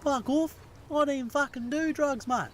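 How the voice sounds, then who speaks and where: A man's voice: very high-pitched, normal speed, slight background noise. A man voicing a jumpy young Australian man who protests indignantly.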